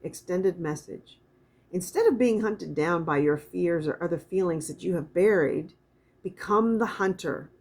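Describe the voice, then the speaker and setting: Soft-spoken husky middle-aged woman. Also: on the low side. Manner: soft, meandering, reads card texts aloud slowly. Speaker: oracle card reader. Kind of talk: spiritual card reading, casual chat.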